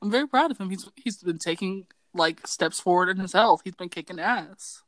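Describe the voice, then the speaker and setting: A woman's voice: on the low side, normal speed, no room sound. A young woman co-hosting a podcast, telling stories in casual chat and laughing often. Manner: laughing often, animated storytelling. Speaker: podcast co-host.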